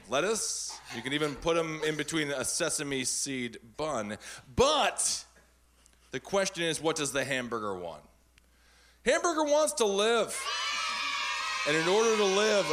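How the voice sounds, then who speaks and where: A man arguing theatrically and mock-dramatically in a comic debate. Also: a little high. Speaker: debater in a comedy show. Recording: noisy live recording.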